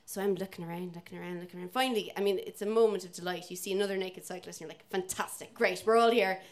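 A woman's voice: lowish voice, fairly even intonation, very fast. A young adult woman with an Irish accent telling a self-mocking personal story, acting out the voices of the people in it. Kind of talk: personal story told to an audience.

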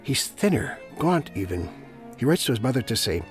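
A man hosting a classical music radio program, telling a composer's story in a measured, storytelling way. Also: mid-range voice, sing-song. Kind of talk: scripted radio narration.

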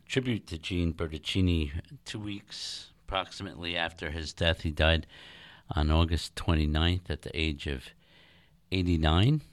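A man's voice: extremely low pitch, no echo, studio quality. An older man hosting a jazz radio show, talking casually and hesitantly with many ums and uhs.

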